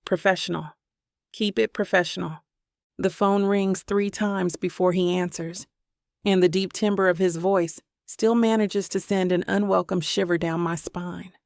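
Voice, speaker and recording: Gravelly-voiced woman narrating an audiobook. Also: on the low side, fairly even intonation, a little mellow, dry recording, studio quality. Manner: measured, introspective storytelling. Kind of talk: first-person romance audiobook narration.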